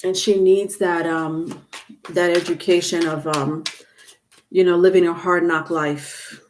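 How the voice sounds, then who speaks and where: A woman's voice: fairly low pitch, fairly even intonation, a little slow, darkish tone, a little hiss or hum. A woman doing a live-stream tarot reading, chatty and loose, laughing often and trailing off with fillers and restarts. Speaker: tarot reader.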